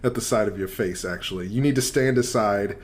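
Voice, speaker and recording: A man voicing a disdainful, menacing male dragonborn in a tabletop game, in a low, slow, quiet voice. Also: lightly acted.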